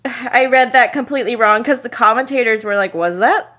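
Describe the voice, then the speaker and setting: A woman co-hosting a casual chat podcast, with a voice a little higher than most. She talks quickly, jokes and laughs often. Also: fairly even intonation, bright, forceful tone. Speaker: podcast co-host. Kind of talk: casual chat about motor racing.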